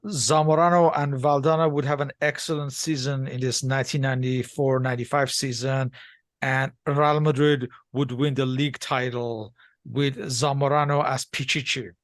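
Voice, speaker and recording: A man hosting an interview, asking measured, prepared questions. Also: mid-range voice, fairly even intonation, no room sound, clean studio sound. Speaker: interview host.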